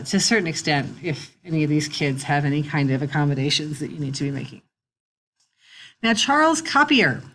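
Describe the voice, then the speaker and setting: A middle-aged woman teacher, recording a relaxed, chatty screen tutorial with wry asides, talking into a computer mic. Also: low voice.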